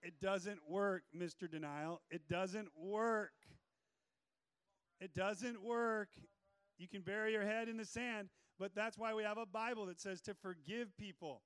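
A male pastor preaching a sermon in an energetic, joking way with playful asides. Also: high voice, measured pace, clean tone, dry recording.

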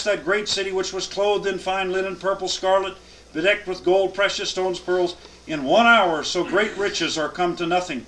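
A man's voice: high voice, bright, forceful tone, slight background noise, poor audio. A man teaching a Bible class, reading scripture aloud with emphatic cadence and then explaining it.

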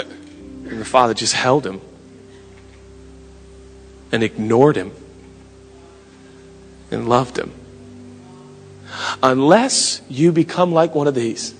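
A man in his thirties preaching a sermon with passion, his voice climbing to shouts and dropping to quiet asides. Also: medium pitch, slow, long pauses. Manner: impassioned preaching, rising to shouts. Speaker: pastor. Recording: long hall reverb, music behind.

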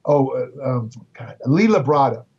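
A man's voice: mid-range voice, expressive, measured pace, breathy edge, far from the mic, highs cut off. An older man from Brooklyn, a bodybuilding writer telling anecdotes in a chatty way, with many fillers and restarts. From Brooklyn, New York. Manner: chatty, repeats words, frequent fillers and restarts. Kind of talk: casual anecdotal storytelling.

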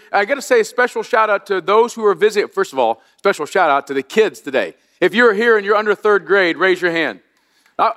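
A man preaching a Christmas Eve sermon, lively and folksy, addressing the congregation directly from a church sanctuary. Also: high voice, in a large hall. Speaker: pastor.

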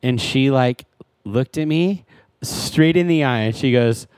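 Animated storytelling man, dry close sound. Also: measured pace, clear, resonant tone, no echo. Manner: animated storyteller, voice jumps high when indignant. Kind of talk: casual chat.

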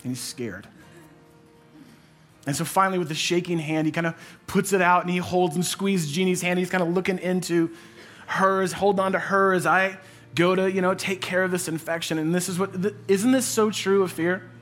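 An earnest man in his thirties preaches to his congregation, slipping easily from big declarations into a chatty family story. His voice sits a touch high. A soft bed of music plays faintly behind him. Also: steady tone, moderate pace. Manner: earnest and conversational, acting out quotes. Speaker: pastor. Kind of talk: sermon with personal story.

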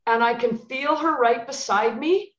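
A woman's voice: high-pitched, unhurried, roomy sound, lo-fi sound. A woman who used to coach basketball and now coaches clients, telling stories in a podcast chat and acting out the dialogue with emphatic repeats. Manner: animated, acts out dialogue with emphatic repetition. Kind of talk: podcast conversation, storytelling.

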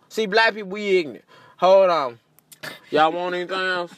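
A man with a notably high voice and a bright, sharp edge rants in a comic monologue. He speaks, cussing freely and laughing at his own jokes. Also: normal speed, dry recording. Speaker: comedian. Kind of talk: stand-up style comedic rant.

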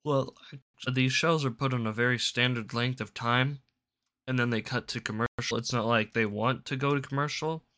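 Sarcastic guy ranting from his desk mic at home, bright voice, rambly and sweary. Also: mid-range voice, steady tone, normal speed. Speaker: political commentator. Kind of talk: casual reaction commentary. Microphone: desk microphone.

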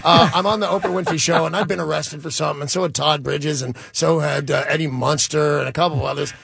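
Fast-talking gravelly older man joking. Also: on the high side, steady tone, fairly bright tone, slight background noise. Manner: quick, joking, self-deprecating storyteller. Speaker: radio host and guest. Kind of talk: casual chat, storytelling.

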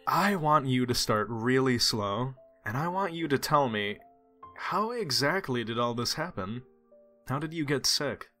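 A calm, self-regarding mage speaks low and gently, bright in tone but hushed, coaxing a frightened child, as a man plays him. Faint music hums beneath. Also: unhurried. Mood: soothing. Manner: low, soft and soothing. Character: vain, calm adult male mage.

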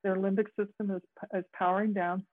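A woman leads a group session over a video call, explaining ideas in a halting way with many fillers and restarts. The audio is tinny and phone-like, with no room sound at all. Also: mid-range voice, level tone, no echo. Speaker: group facilitator and therapist.

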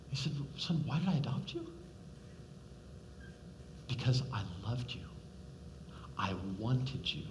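A man preaching a sermon as a pastor, swinging from loud, pressing appeals to hushed, quiet questions and acting out the voices he quotes. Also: medium pitch, background noise.

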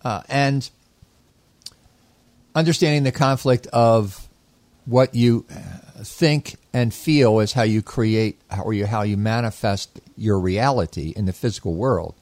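A man with a fairly low voice co-hosts a conversational show, explaining his ideas at length. He talks reflectively and circles back on his own sentences. The sound is close and dry, with no room around it. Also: measured pace, darkish tone, no room sound. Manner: reflective, explanatory, meandering restarts. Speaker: co-host, inner child therapist. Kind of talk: casual conversational teaching.

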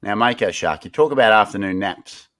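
A man's voice: fairly low pitch, a little fast, fairly bright tone. An Australian man hosting a podcast, hyping up a segment in a rambling, playful way. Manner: hyped, rambling build-up talk. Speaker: podcast host. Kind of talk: casual podcast banter.

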